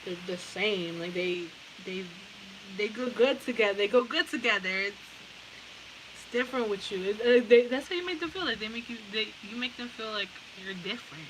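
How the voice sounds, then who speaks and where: A woman's voice: medium pitch, moderate pace, rough recording. A woman giving a casual pick-a-card tarot reading. She talks bluntly, swears freely and often breaks into laughter. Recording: steady background hiss.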